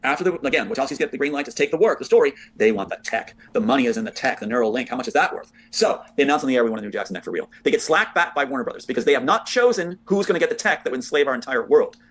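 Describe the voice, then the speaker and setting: A man rattling off his theory at a very fast clip, hardly pausing between claims. He hammers his points with short repeated tags and sounds sure of every link in the chain. His pitch sits at an ordinary middle height. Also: lively intonation, a bit bright. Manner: insistent, repeats short punchy phrases. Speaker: guest explaining a theory. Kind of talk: rapid conversational storytelling.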